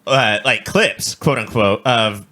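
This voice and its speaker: Bright-voiced man ranting casually. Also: fairly low pitch, takes it slowly. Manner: blunt, profane, and ranting. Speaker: podcast co-host. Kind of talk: casual chat about a TV show.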